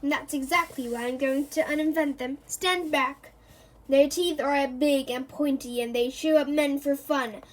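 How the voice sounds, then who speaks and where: A woman's voice: sits high, steady tone, a little slow. A woman reading aloud the lines of a pompous, eccentric older male professor who makes grand pronouncements. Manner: grand, proclaiming, easily offended.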